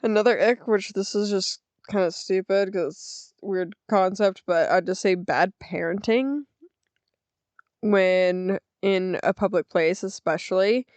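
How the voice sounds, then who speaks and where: A woman's voice: medium pitch, a little slow, a little mellow, dry recording. A young woman hosting a casual solo podcast, chatting in a rambling, self-deprecating way with lots of fillers, close to the mic. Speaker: podcast host.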